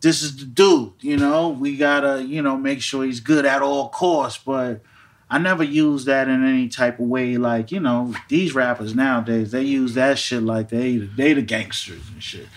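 A man talking as a guest on a podcast in a relaxed, casual way. He uses street slang and often restarts his phrases. His pitch is in the middle range. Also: moderate pace. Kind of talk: casual chat.

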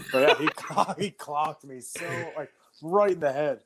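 A young adult man, a wrestler and guest on an interview show, telling stories in a loose, animated way with lots of fillers. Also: a little high, a little slow, heavy background noise. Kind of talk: casual storytelling.

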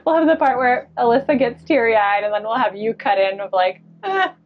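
A woman's voice: a little high, animated, a little fast. Playful woman chatting, dull lo-fi sound. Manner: playful, teasing. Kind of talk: casual chat.

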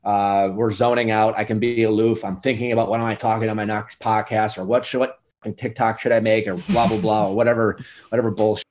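A man's voice: lowish voice, level tone, fast, darkish tone. A man in his forties giving relationship advice in a casual podcast chat, rambling and earnest with many fillers. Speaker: dating advice guest.

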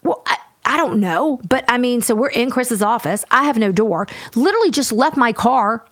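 A woman co-hosting a podcast, telling a story in a lively casual way and acting out what everyone said. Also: on the high side, no room sound, clean studio sound. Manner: animated, fast, acts out everyone's lines. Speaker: podcast co-host.

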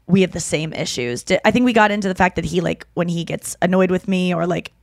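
With a fairly low, quick voice marked by vocal fry, a woman in her thirties hosts a casual podcast chat. She tells stories with energy, acting out the lines of the people involved. The mic sits close in a dry room with no echo.

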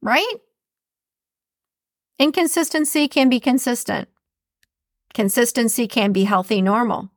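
A chatty woman hosting a solo podcast, her fairly high voice carrying a gravelly fry. She talks loosely and animatedly, laughing often. The sound is dry and close. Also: expressive, a little slow, pauses often, dry recording. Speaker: podcast host. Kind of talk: casual solo podcast talk.

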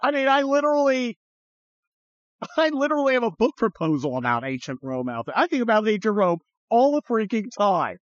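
A man's voice: high voice, big pitch swings, fairly quick, no echo, highs cut off. A man hosting a podcast in casual political chat, rambling with many fillers and blunt, profane remarks. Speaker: podcast host.

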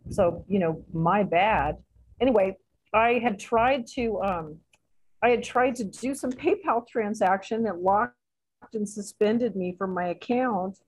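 Animated woman telling stories. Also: medium pitch, a little slow, breathy edge, rough recording. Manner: animated, laughing, swears freely. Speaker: interview guest. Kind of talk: casual storytelling.

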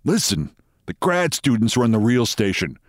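Cynical young New York campus DJ, deep and jaded, put on by a male storyteller; dry close sound. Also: big pitch swings, moderate pace, no echo, lightly acted. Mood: sardonic. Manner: jaded, sardonic. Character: cynical young male student disc jockey.

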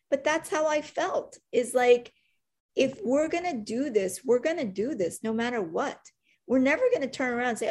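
Animated middle-aged woman telling business stories. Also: on the high side, moderate pace. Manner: animated storyteller, fillers, reenacts quotes. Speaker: agency CEO, podcast guest. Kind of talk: conversational interview storytelling.

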